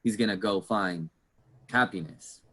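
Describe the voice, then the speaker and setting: A man appearing as a podcast guest, talking through a film in a reflective, chatty way with quick jokes. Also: on the low side, fairly bright tone. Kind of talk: casual movie discussion.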